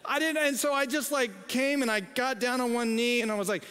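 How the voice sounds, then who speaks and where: Bright-voiced, self-deprecating preacher man. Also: very high voice, smooth, soft background music. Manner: self-deprecating, animated, halting restarts. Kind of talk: sermon storytelling. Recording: long reverb in a large hall.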